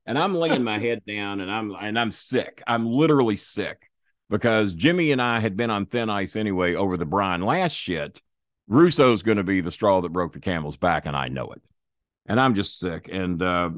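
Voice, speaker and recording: An older man appears as a podcast guest, telling stories casually in a blunt, profane, plain-spoken way. His lowish voice is captured in a dry recording with clean studio sound.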